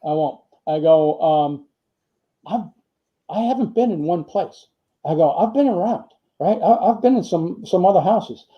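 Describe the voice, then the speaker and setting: An older man with a fairly high voice tells rambling stories from his working years, his talk packed with fillers and quoted lines. The recording is muffled and lo-fi. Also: lively intonation, measured pace. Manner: rambling anecdotes with many fillers and quoted dialogue. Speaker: retired firefighter and author, guest. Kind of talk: storytelling in a casual interview. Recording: muffled lo-fi audio.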